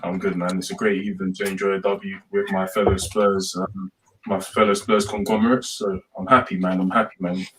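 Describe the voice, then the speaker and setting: Easygoing low-voiced man, distant mic. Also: flat delivery, fairly quick, a bit bright, a little hiss or hum. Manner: easygoing, repeats himself. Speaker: podcast guest. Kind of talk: casual chat.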